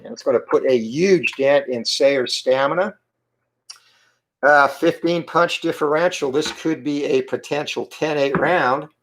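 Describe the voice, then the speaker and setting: A man with a slightly hoarse morning voice, giving play-by-play commentary on a tabletop boxing game and calling out each roll in short clipped phrases. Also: on the high side, slight background noise. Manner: calls each dice roll and punch count in quick clipped phrases.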